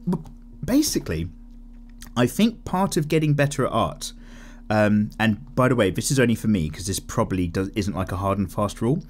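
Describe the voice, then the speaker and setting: A man's voice: medium pitch, a little mellow, a little hiss or hum. A young man casually chatting while he draws, reading viewer comments aloud and rambling candidly through tangents. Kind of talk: casual chat while drawing.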